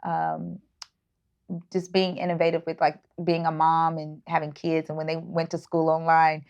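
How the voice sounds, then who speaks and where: A woman's voice: low-pitched, completely flat delivery, normal speed, gravelly, a little mellow. Brief: woman, 30s, earnest guest on a video call, muffled lo-fi audio. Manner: earnest, with frequent fillers and restarts. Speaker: startup founder and guest. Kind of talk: casual interview talk. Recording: dull lo-fi audio.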